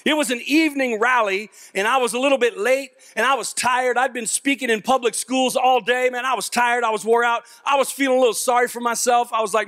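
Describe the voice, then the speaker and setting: A man's voice: very high-pitched, brisk, few pauses, no room sound, clean studio sound. A middle-aged man giving a comedic motivational speech to teenagers, telling stories and acting out the voices. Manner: animated storyteller, acts out voices and jokes. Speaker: motivational youth speaker. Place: large auditorium with a young audience.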